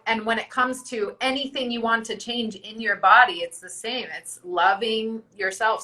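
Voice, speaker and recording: A woman's voice: a little high, sharp tone, rough recording. A woman co-hosting a casual podcast chat, talking in an emphatic, encouraging way and swearing freely. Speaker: podcast co-host.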